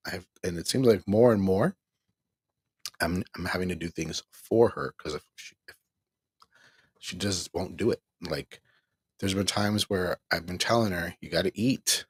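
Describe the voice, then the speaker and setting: A middle-aged man vents on his livestream in a tired, exasperated voice and laughs ruefully as he goes. His voice sits very low and sounds husky. The mic is close and the sound is dry. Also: a little slow, long pauses, no echo. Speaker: livestream host. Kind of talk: venting on a livestream, reading chat.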